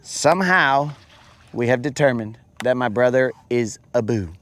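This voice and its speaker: A man hosting a fishing livestream, chatting casually and animatedly with viewers in slang and acting out quoted voices. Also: measured pace. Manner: animated storyteller, slangy, acts out quotes in a higher voice.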